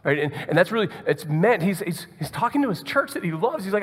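A man's voice: sits high, very animated, brisk, few pauses, husky. A man preaching a conversational sermon as pastor, often repeating words as he thinks aloud. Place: church hall. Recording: long hall reverb.

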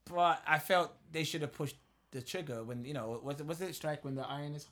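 A man's voice: on the high side, brisk, a bit bright. A man with a slightly raised voice, talking casually about wrestling. He gives his views bluntly and sure of himself. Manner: opinionated, blunt. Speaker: wrestling podcast co-host. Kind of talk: casual chat.

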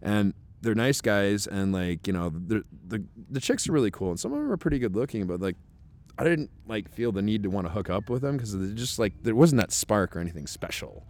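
Man, podcast host, excitable and profane, drinking outdoors. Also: fairly low pitch, a little fast. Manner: profane, excitable, lots of restarts. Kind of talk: rambling storytelling. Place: outdoors in a park.

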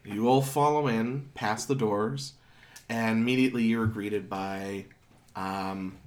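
A man narrating as game master of a tabletop game, describing scenes in an unhurried way with frequent fillers. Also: lowish voice, fairly even intonation, a little hiss or hum.

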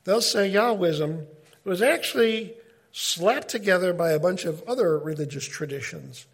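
A middle-aged man giving an informal Bible teaching, talking in a conversational, animated way and often breaking off mid-sentence. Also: high-pitched, a little slow, gravelly, husky. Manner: conversational, animated, self-interrupting.

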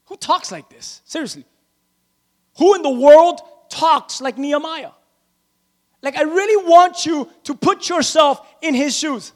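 A man with a strikingly high voice delivers a sermon as pastor of his church. He preaches emphatically, repeating his key phrases to build momentum, then drops into casual, conversational asides to the congregation. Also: measured pace.

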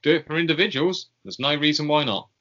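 A man wrapping up a casual podcast episode, loose and rambling with plenty of fillers. His voice is bright and pushed forward. The recording is a little dull. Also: a little high, lively intonation, fast talker. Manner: rambling, filler-heavy, laughing at himself. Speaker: podcast co-host.

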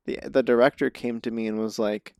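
A man's voice: medium pitch, steady tone, brisk, gravelly, dark tone, clean tone, no echo, studio quality. A man, an actor and comedian, telling stories as a guest in a casual interview, rambling and self-deprecating, often laughing.

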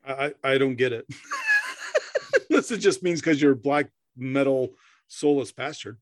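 A man's voice: medium pitch, huge pitch swings, a little slow, no room sound, clean studio sound. A middle-aged man co-hosting a podcast in casual chat, rambling, swearing freely, laughing often and stammering through restarts. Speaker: podcast co-host.

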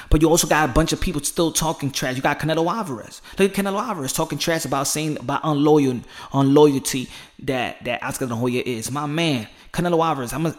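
Fired-up man with a higher voice. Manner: emphatic, rambling, rising to loud fired-up outbursts. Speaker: boxing commentator. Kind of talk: casual opinion commentary.

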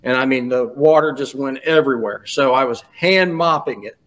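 A man's voice: medium pitch, moderate pace, fairly bright tone. A middle-aged man, a guest on a podcast, telling stories in a casual chat with frequent restarts and "you know"s. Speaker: guest, retired school custodial administrator.

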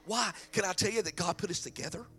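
Folksy pastor preaching, bright voice. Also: male voice, high voice, fast. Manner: folksy preaching, shifts into loud prayer. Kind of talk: sermon.

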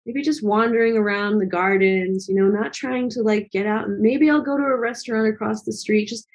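A woman's voice: mid-range voice, fairly quick. A woman talking as a guest in a casual conversation, earnest and reflective, with lots of fillers. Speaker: guest, travel vlogger.

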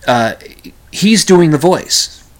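A man's voice: a little high, lively intonation, takes it slowly. A man hosting his own talk radio show, chatting alone in a rambling way with many restarts. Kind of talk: casual solo podcast monologue.

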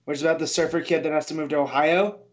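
A man's voice: on the high side, fairly even intonation, fast. A man playing a trivia game on a podcast, chatty and prone to side stories. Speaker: quiz contestant. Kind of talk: casual podcast chat. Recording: dull lo-fi audio.

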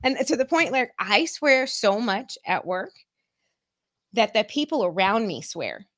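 A woman guest on a podcast, chatting casually in a passionate way, swearing heavily and getting loud. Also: fairly high pitch, big pitch swings, measured pace.

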